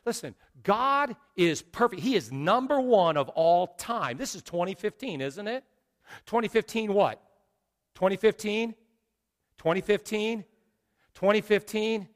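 A man's voice: high voice, expressive, a little slow. A middle-aged man preaching a sermon as pastor, emphatic and repetitive. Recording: long reverb of a large hall.

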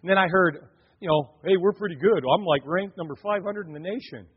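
A man's voice: sits high, a little fast, husky. A middle-aged man preaching a sermon, telling family stories and acting out the voices of his kids and wife. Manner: animated storyteller, acts out his family's voices. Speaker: pastor. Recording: dull lo-fi sound in a reverberant hall.

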